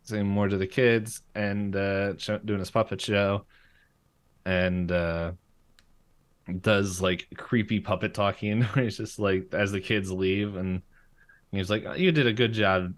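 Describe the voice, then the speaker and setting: A man's voice: lowish voice, little pitch movement, takes it slowly. A man co-hosting a podcast, recapping a cartoon episode in casual chat, rambling with lots of fillers and little laughs. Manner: rambling, full of fillers and giggles. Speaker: podcast co-host.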